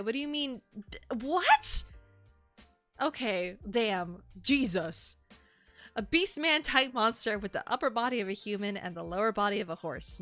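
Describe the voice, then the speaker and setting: A young woman streaming, who reads entries aloud calmly and breaks into shocked, swearing exclamations. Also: medium pitch. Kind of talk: live-stream reaction and reading aloud.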